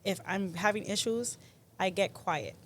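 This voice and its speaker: A woman's voice: mid-range voice, unhurried, slight background noise. A young woman guest talking through her feelings on a podcast in a reflective, rambling way. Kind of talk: casual chat.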